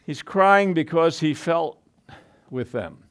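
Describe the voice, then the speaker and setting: A man's voice: on the high side, animated, slow. A man preaching a sermon in a conversational way, full of asides and restarts.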